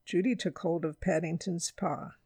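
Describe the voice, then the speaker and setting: A woman reads a children's storybook aloud in a clear, measured way. Her voice has a gravelly edge, recorded close and dry. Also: lowish voice, fairly even intonation, warm tone, dry recording.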